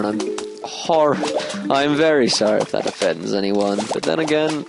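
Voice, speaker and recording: A man giving casual let's play commentary, explaining as he plays, with sudden squeaky excited outbursts. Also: moderate pace, gravelly, rough recording. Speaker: gameplay commentator. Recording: game music playing behind. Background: game music.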